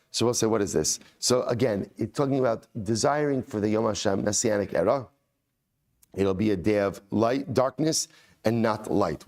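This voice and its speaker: A man, a rabbi, teaching a daily Talmud class. He chants the original text, then explains it conversationally, with excited emphasis and repeated phrases. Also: on the low side.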